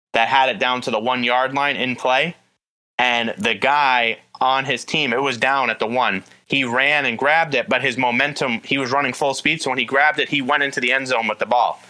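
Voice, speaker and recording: A man chatting casually about football, retelling events quickly with lots of quoted asides. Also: medium pitch, rough recording. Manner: rapid, animated retelling with many "he's like" quotes. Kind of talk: casual sports chat.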